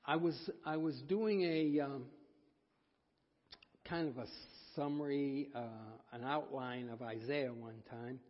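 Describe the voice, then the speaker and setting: A man preaching a folksy, self-deprecating sermon, with halting restarts. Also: mid-range voice, fairly even intonation. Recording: dull sound, long hall reverb.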